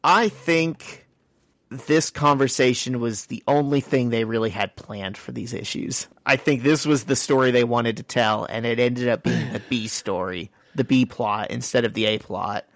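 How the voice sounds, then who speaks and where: A man co-hosts a podcast, walking through a comic's plot scene by scene in an easygoing, chatty way. His voice sits at an ordinary middle pitch. The sound is close and dry. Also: creaky, fairly bright tone, no echo. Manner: brisk storytelling, retells scenes step by step. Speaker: podcast co-host. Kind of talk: casual comic book recap.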